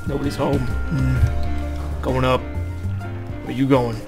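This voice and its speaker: A man's voice: medium pitch, flat delivery, slow pace, music in the background. A young man hosting his gaming channel, chatting casually and joking as he plays through a game at home, with a fish tank fountain trickling faintly behind him. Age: young adult. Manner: chatty, joking asides, reads game text aloud under his breath. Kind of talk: casual let's play commentary. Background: faint fish tank water trickling.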